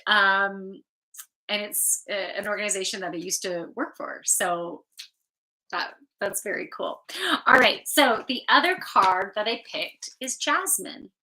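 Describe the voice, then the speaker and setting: A woman gives a live oracle card reading in a bright, clear voice. She talks slowly and chats casually, with an offhand swear here and there. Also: medium pitch, low-quality recording. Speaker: spiritual card reader and channeler.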